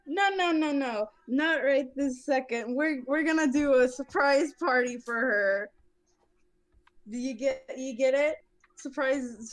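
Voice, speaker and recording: A woman voicing a human woman adventurer who insists, repeating herself. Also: sits high.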